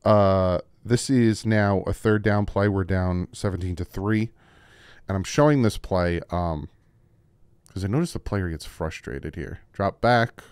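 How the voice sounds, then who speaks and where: A man hosting a casual football film breakdown at a desk microphone, emphatic and repetitive, his voice jumping up when he gets excited. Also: sits low, measured pace, clear, resonant tone, no room sound. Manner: emphatic, repeats points, voice jumps when excited. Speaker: football film-study host.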